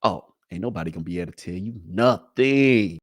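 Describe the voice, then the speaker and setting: A man's voice: deep voice, fairly quick. A man hosting a sports show, talking casually with slang and teasing his listeners, moving from a motivational pep talk into sports commentary. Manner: animated, conversational, teasing the audience. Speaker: sports podcast host.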